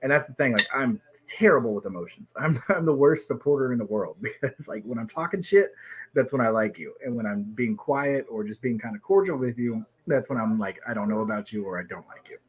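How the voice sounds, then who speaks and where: A man in casual podcast chat, tipsy, talking fast with lots of swearing and sudden excitable outbursts, often putting himself down. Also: medium pitch. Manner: fast, profane, excitable, self-deprecating.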